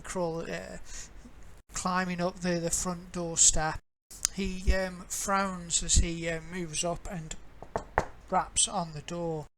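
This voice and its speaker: A woman narrating a tabletop game as game master, in a relaxed, halting way. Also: lowish voice, a little hiss or hum, low-quality recording. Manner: relaxed, halting with fillers and restarts.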